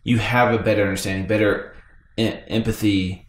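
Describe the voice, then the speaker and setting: A man's voice: on the low side, level tone, a little fast. Chatty male podcast host, roomy sound. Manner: chatty, laughs often, asks guests questions. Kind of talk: casual podcast chat. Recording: roomy echo.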